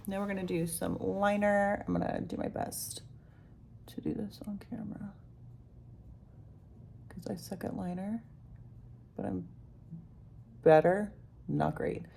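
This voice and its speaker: With slight background noise behind her, a young woman vlogger talks through a makeup tutorial in a gravelly, slightly mellow, medium-pitched voice. She rambles, says "like" constantly, drops the odd swear word, and at times nearly whispers.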